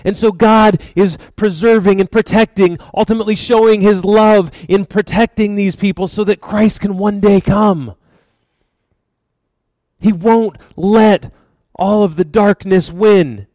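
A man preaching a sermon, retelling a story in a lively, conversational way. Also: high voice, unhurried, dry recording, low-quality recording. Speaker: pastor.

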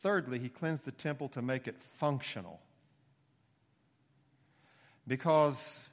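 A male preacher giving an expository sermon, explaining steadily and rising for emphasis now and then. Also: fairly high pitch. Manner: explanatory, steady teaching tone with occasional emphatic rises. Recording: long hall reverb.

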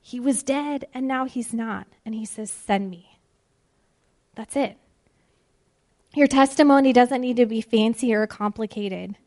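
A woman giving a devotional sermon in an earnest manner, slowing to stress key words. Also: on the high side, darkish tone. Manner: earnest, with emphatic slow pauses. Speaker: ministry speaker.

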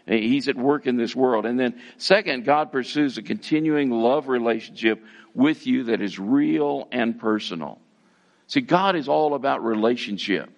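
Speaking at normal speed in a medium pitch, this preacher keeps his sermon chatty and folksy, leaning on fillers and down-home expressions. The audio comes across a little muffled and dull.

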